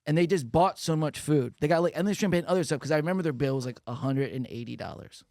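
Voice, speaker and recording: A man with a slightly raised, gravelly voice spins a story in a loose podcast hang. He bounces between his own telling and animated impressions of the people involved. The sound is dry and close, with no room in it. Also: quick pace, dry recording. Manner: animated, acts out quotes with big pitch jumps. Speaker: podcast co-host, comedian. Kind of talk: casual storytelling chat. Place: podcast studio.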